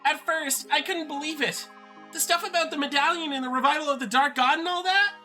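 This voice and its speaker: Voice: sits high, a little fast, sharp tone, faint music behind, voice pushed up. A streamer voicing a young, earnest and anxious sister character from a video game, reading the dialogue aloud. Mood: troubled.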